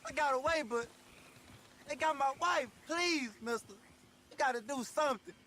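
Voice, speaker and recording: A man's voice: extremely high pitch, moderate pace, pushed and bright, a little hiss or hum. An actor voicing a panicked man who frantically begs a stranger for help, in a video game. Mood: pleading. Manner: frantic, pleading.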